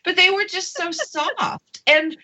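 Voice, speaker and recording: Bright, gushing woman radio co-host. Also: extremely high pitch, lively intonation, takes it slowly. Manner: gushing and chatty. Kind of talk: casual radio chat. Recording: dull lo-fi sound.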